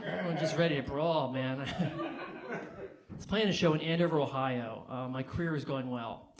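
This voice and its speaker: Deadpan stand-up comic, laughing crowd. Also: male voice, mid-range voice, normal speed. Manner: deadpan storytelling, rising to loud crowd work. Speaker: stand-up comedian. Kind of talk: stand-up comedy set. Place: brewery comedy stage with live crowd. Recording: live audience laughter behind.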